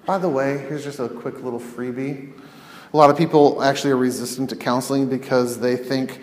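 On this teaching podcast, a male counselor talks conversationally, laying out scenarios and asking rhetorical questions. He speaks fairly quickly at a medium pitch with fairly even intonation, and long reverb fills the echoey room.

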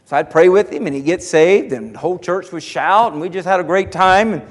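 A high-voiced man preaching in a church, his words ringing through a long hall reverb. He tells stories in a folksy, animated way and often stops to restart a sentence. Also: fairly quick. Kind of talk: sermon.

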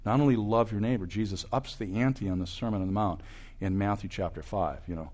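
A man in his sixties preaching with a fairly low voice. He presses his points hard, then drops to near-whispered asides. He sounds like a seasoned speaker who talks to students. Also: fairly quick. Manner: emphatic, swings from loud bursts to hushed asides. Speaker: campus ministry speaker. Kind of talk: preaching talk to an audience.

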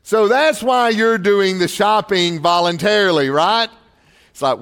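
A pastor with a notably high voice delivers a sermon in a church. He talks in a folksy, storytelling way and polls the congregation as he goes. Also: expressive, measured pace, a bit bright, clear, resonant tone, big-room sound. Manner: folksy storytelling with crowd surveys. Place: church sanctuary.

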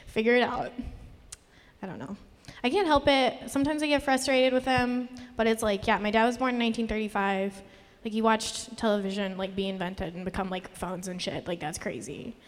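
A woman's voice: medium pitch, steady tone, fairly quick. A young woman doing a live stand-up set, nervous and rambling, self-deprecating, with a voice that always sounds on the verge of tears. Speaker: stand-up comedian. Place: live comedy venue. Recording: live room with long reverb.

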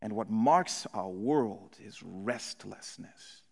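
A male pastor preaching a sermon, moving between hushed, low passages and loud, impassioned ones. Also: expressive, takes it slowly, creaky, breathy edge, long reverb tail.

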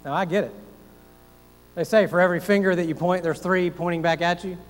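A man's voice: sits high, steady tone, fairly quick. Earnest folksy man preaching in a reverberant hall. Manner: earnest, folksy, rhetorical questions, self-deprecating asides. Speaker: pastor. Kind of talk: sermon.

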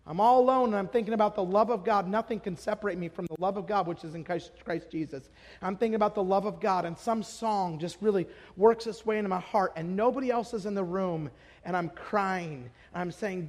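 A man preaching a passionate sermon as pastor, swinging between hushed tones and shouts. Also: high voice, fairly quick. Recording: long hall reverb.

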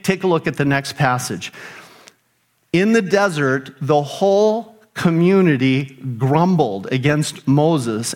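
A middle-aged man preaching a sermon as pastor, emphatic, with rhetorical questions and rising emphasis on key phrases. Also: medium pitch.

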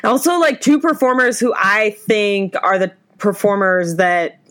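A woman co-hosting a podcast in casual chat, gushing and excitable, swearing freely. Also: mid-range voice, a little slow. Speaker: podcast co-host.

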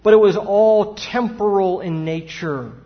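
A man's voice: high-pitched, unhurried. A man, a pastor preaching a sermon with emphatic rises and rhetorical questions. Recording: dull sound with long hall reverb.

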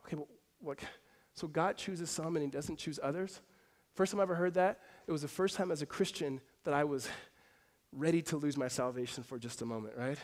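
Animated man preaching a sermon. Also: fairly high pitch, fairly quick. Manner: animated storytelling, swings between hushed and emphatic. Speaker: pastor. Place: church hall before a congregation.

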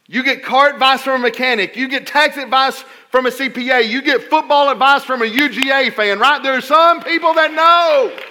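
A middle-aged man preaching a sermon, telling funny stories and swinging between loud emphasis and quiet asides. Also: extremely high pitch, fairly even intonation, a little fast, hardly any pauses. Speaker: pastor.

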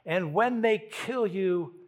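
A man preaching a sermon, moving from hushed lines to emphatic ones and repeating words as he thinks aloud. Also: high voice, takes it slowly. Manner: dramatic swings from hushed to emphatic. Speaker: pastor.

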